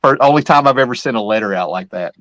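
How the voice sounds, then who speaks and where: A man's voice: mid-range voice, lively intonation, fast, fairly bright tone, a little hiss or hum, low-quality recording. A middle-aged man hosting a casual chat, rambling and nostalgic, often trailing off mid-sentence. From Kentucky-Virginia area. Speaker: host.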